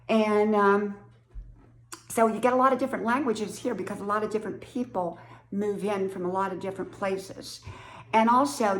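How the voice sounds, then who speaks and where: A woman's voice: mid-range voice, echoey room. A woman in her sixties from West Virginia with an Appalachian accent, chatting casually to camera in a folksy way and laughing often. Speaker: vlogger.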